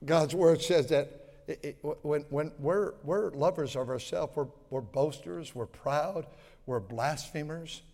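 A male pastor with a slow, mellow, somewhat high voice preaches a sermon in an emphatic, repetitive style, tossing folksy asides to his congregation. He's in a church sanctuary, and the recording carries the long reverb of a church hall.

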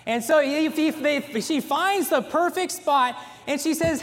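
A man in his thirties preaching a folksy sermon in a church, telling stories with animated emphasis. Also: very high voice, moderate pace, hardly any pauses. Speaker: pastor. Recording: echoey church hall.

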